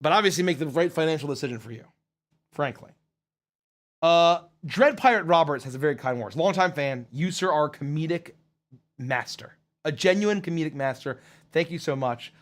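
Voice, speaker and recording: A man's voice: fairly high pitch, animated, normal speed. A man hosting a casual live stream Q&A, reading out viewer messages with jokes and swearing. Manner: joking and profane, thanking viewers.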